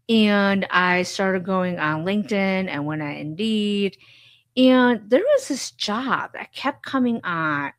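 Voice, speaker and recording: A woman's voice: mid-range voice, no echo, clean studio sound. Frank woman telling her own story. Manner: emotional, frank, with many fillers and repeats. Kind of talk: candid personal storytelling.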